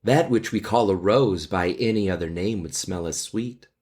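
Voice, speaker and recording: A man voicing a lovestruck teenage girl, reciting old verse slowly in a raised, lilting voice. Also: deep voice, a little mellow, breathy edge. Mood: dreamy.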